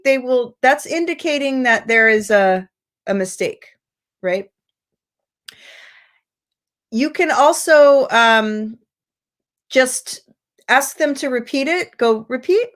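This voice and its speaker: An American woman teacher trainer giving an online lecture, patient and explanatory, her pitch jumping up when she acts out prompts. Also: takes it slowly, pauses often, a bit bright. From United States.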